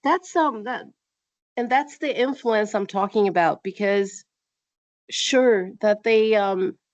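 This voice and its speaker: A woman's voice: mid-range voice, slow pace, no echo. Woman interviewer from Brazil, thoughtful winding questions, muffled dry video-call sound. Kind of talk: casual interview chat.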